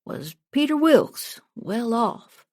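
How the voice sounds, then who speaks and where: A woman reading a storybook, voicing a scheming old male con man who poses as a king and speaks slowly and with false piety. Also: on the high side, very animated, a little mellow, heavily acted. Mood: slow, oily. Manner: slow, smooth, falsely pious talk.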